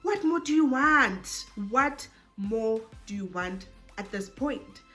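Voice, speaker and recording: A young South African woman telling a storytime vlog, animated and code-switching, who rises into exasperated bursts. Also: a little high, slow pace, soft background music. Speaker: YouTuber.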